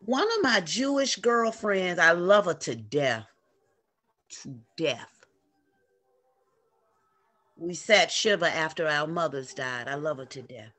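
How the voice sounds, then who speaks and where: A woman's voice: deep voice, measured pace. Woman going off on a story on a zoom call, voice goes up n down a lot, says y'all. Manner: animated, preachy, uses y'all. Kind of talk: lively storytelling to a video call. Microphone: video call.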